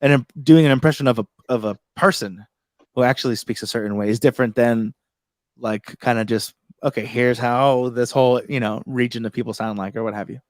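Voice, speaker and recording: A man's voice: mid-range voice, fairly quick, dry recording. American guy hosting a chill tech stream, jokey, swears a lot, dry close sound. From United States. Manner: joking, animated, swears freely. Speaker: host. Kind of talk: casual livestream chat.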